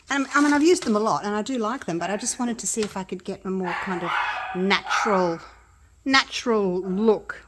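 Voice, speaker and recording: A woman vlogging from her home craft studio, chatting excitedly and talking straight to her viewers. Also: medium pitch, background noise. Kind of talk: casual vlog narration.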